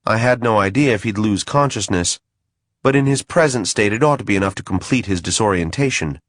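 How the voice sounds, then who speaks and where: A man's voice: on the low side, brisk, a bit bright, dry recording. A man reading a first-person fantasy audiobook in a dry, wry manner. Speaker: audiobook narrator.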